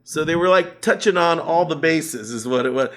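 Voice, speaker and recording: A man's voice: a little high, moderate pace, a bit bright. An older man, a musician guest in an interview, animatedly telling a story and acting out the voices of the people in it.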